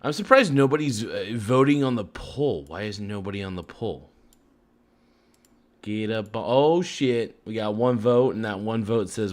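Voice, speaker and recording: A man's voice: medium pitch, unhurried. A man chatting casually and jokingly on a livestream while eating, breaking into sing-song chants of silly rhymes. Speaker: streamer.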